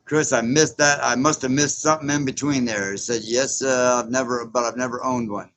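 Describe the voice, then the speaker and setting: A man's voice: mid-range voice, fairly even intonation, a little fast, fairly bright tone, slight background noise. A man in his sixties chatting casually as host of a livestream, reading viewer comments aloud, rambling and chuckling often. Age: 60s. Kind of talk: casual live chat.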